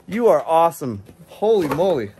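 A man hosting a casual vlog, opening a viewer's gift and reading her letter aloud, bursting into excited exclamations and stumbling over words as he reads. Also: a little high, moderate pace, a little hiss or hum. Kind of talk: casual chat to camera.

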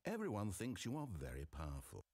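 Sardonic narrator for a game, big swooping pitch, dry put-downs. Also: male voice, wildly swooping pitch, a little fast, a little mellow, dry recording, heavily acted. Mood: wry. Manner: dry and mocking. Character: wry, condescending male narrator, middle-aged.

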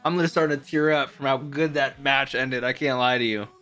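A man hosting an anime reaction video, casual and excitable, swinging between loud hype and quiet musing, with some casual swearing. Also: mid-range voice, brisk, faint music behind. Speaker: anime reaction channel host.

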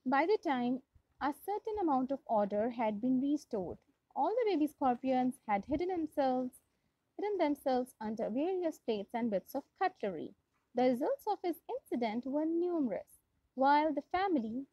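A woman's voice: high voice, big pitch swings, normal speed, slightly rough, no room sound. A young woman with a Pakistani English accent, reading a storybook aloud to a class as their English teacher, often going back to restart a phrase. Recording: dull lo-fi dry recording.

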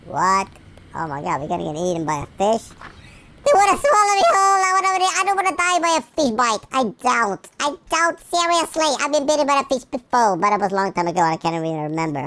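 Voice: medium pitch, big pitch swings, fast, heavy background noise. A gameplay commentator talking through a game in a playful way, with silly sound effects, made-up words and sudden yelps. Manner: yelps and shrieks when startled.

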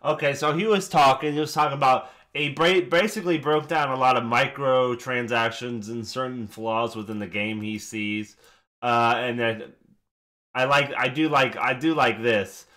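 A man hosting a reaction video, breaking down a rap battle in casual, excitable commentary with bursts of swearing. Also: mid-range voice, normal speed. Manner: excitable, swearing, hyping up lines.

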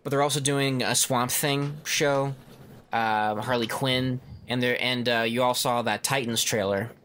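A man co-hosting a podcast in casual chat, animated and quick to break into silly voices. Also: medium pitch, a little hiss or hum. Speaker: podcast co-host.

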